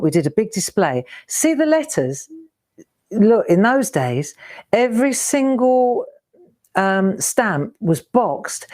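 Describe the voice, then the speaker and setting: Chatty woman with a lively voice. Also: medium pitch. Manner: chatty, exclaims over old keepsakes. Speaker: craft show host. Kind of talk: casual live-stream chat.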